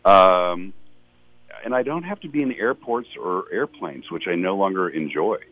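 A male comedian telling a wry, deadpan story as a radio guest. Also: low-pitched, moderate pace, dry recording. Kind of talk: casual anecdote on radio. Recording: dull lo-fi radio sound.

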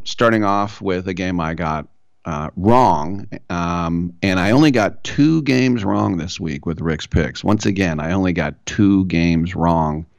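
A man's voice: low-pitched, dry recording. A man hosting a solo sports talk show, casual and opinionated with wry asides. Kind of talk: solo sports radio monologue.

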